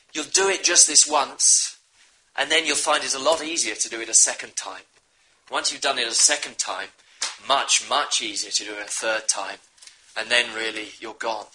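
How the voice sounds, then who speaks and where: Bright-voiced preacher man. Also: medium pitch, a little hiss or hum, poor audio. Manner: earnest, pleading exhortation. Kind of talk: sermon.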